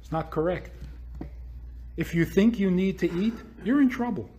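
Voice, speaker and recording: A man's voice: high voice, normal speed, dark tone, a little hiss or hum. A man hosting a podcast, giving a spiritual talk full of rhetorical questions. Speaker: podcast host.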